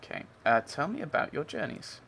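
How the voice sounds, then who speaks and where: Gravelly man in casual game commentary. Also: fairly high pitch, very animated, fairly quick, fairly bright tone, slight background noise. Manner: musing, chatty, talks to himself. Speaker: game player.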